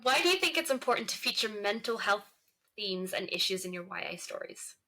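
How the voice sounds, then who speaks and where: A woman's voice: mid-range voice, lively intonation, a little fast, bright, forceful tone. A woman co-hosting a book podcast, chatting casually and telling stories animatedly. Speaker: podcast co-host.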